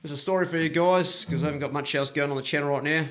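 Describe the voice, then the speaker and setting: A man's voice: on the high side, fairly even intonation, rapid-fire. A man telling a story in a rambling, colloquial way. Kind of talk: casual spoken storytelling. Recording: loud guitar music behind.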